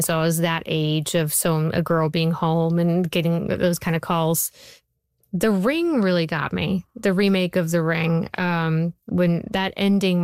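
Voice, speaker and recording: A woman in her forties with a smooth, lowish voice, answering interview questions as a TV writer. She talks in a chatty storytelling way, with plenty of "like" and "um". The sound is dry and close. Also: a little mellow, dry recording. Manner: chatty storyteller, many fillers. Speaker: TV writer and showrunner.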